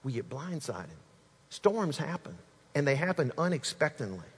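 Animated high-voiced male preacher. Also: normal speed, breathy edge, big-room sound. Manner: animated preaching, addresses the congregation directly. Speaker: pastor. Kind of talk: sermon.

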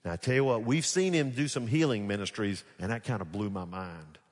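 Pastor guy preaching, lowish voice, goes quiet then loud and animated, big echoey hall. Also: brisk. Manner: swings from hushed to loud, animated acting-out. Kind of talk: sermon. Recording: long hall reverb.

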